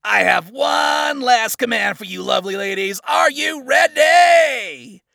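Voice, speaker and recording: A cocky, cruel angel commander , as a male reader puts him on barks and sneers in a high, bright, hard-edged voice. He swings his pitch wildly from taunting to full-throated shouting, with a gravelly grain underneath. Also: big pitch swings, a little slow, no room sound, clean studio sound, exaggerated voice. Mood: shouting orders. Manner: loud, mocking and shouting.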